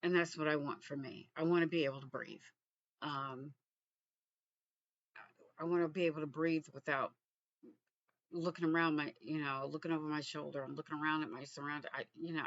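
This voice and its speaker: A man from Texas, vlogging in a reflective, halting way with frequent restarts. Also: fairly high pitch, a bit bright, no echo, highs cut off. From Texas, USA. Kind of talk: casual personal vlog.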